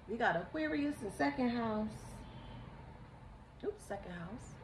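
A woman's voice: fairly high pitch, expressive, unhurried, long pauses, distant mic. A woman giving a casual tarot reading, with a frank, emphatic, preachy way of talking and the odd swear word. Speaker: tarot reader. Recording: echoey room, voice off-mic, faint hiss.

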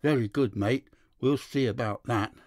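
A man's voice: deep voice, a little slow, a little mellow, dry recording, clean studio sound. A man voicing an insolent, half-drunk male seaman who talks sulkily and snarls. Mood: snarling.

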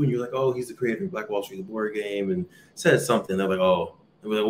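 A man's voice: fairly low pitch, steady tone, fast, hardly any pauses, a little hiss or hum. Upbeat male podcast host in an echoey room. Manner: upbeat, hype-man delivery with repeated catchphrases. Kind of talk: casual podcast chat. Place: vacation lodging abroad, indoors.

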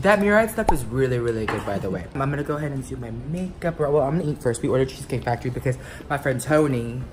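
A man talking casually to the camera for his vlog, chatty and bursting into excited outbursts now and then. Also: mid-range voice. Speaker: vlogger. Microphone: lapel mic. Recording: noisy background ambience.

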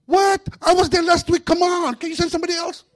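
Man putting on a whiny high demon underling. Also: steady tone, fast. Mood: whining. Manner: high-pitched pleading complaint.

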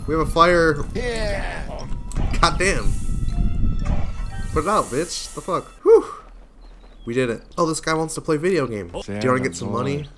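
A man giving casual gameplay commentary, swearing constantly, laughing a lot and breaking into sudden yelled outbursts. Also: a little high, animated, moderate pace, long pauses. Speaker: gaming video creator. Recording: game music playing under voice.

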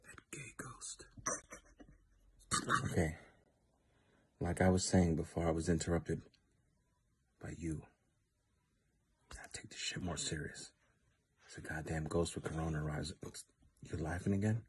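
A man delivering a mock-serious, profane comic rant in a dark room lit by a flashlight. He lurches from hushed whispers to loud outbursts. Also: sits low, husky. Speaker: comedy video maker.

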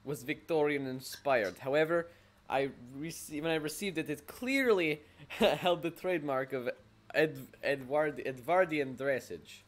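A man's voice: fairly high pitch, a little slow, voice pushed up, natural voice. A man voicing a pompous older male vampire customer, haughty with a vaguely German sound, complaining about a blouse. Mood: indignant.

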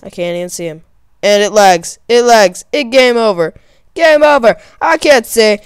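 A woman giving excitable, profane commentary while playing a game, often shrieking in panic. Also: fairly high pitch, normal speed, clean tone, no room sound, clean studio sound. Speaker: gamer. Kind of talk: let's play commentary.

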